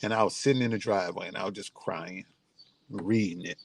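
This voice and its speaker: A man's voice: low voice, fairly even intonation, brisk, creaky, slight background noise. A middle-aged man, a vlogger, telling a personal story in a casual, heartfelt and grieving way, then offering encouragement, speaking outdoors near his home.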